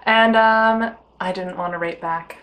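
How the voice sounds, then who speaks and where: A woman's voice: mid-range voice, fairly even intonation, unhurried, a bit bright. A woman in a casual vlog chat, telling stories about her bad dates in a chatty, giggly, self-mocking way. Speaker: storyteller recounting bad dates.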